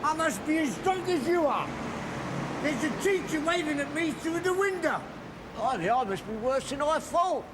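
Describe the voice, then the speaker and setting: A man's voice: extremely high pitch, lively intonation, moderate pace. An actor playing a rambling, drunk middle-aged man who slurs and mutters in a 1970s TV sitcom. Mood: tipsy. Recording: noisy old TV broadcast.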